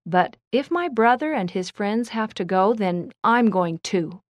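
A woman voicing a calm, fair-minded teenage boy in a storybook reading, speaking evenly. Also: medium pitch, measured pace, no echo, lightly acted. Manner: calm and even-tempered.

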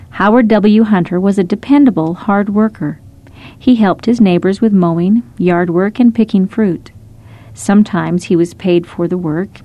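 Mellow woman narrating gentle stories. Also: mid-range voice. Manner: gentle, measured storytelling. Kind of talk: scripted storytelling narration.

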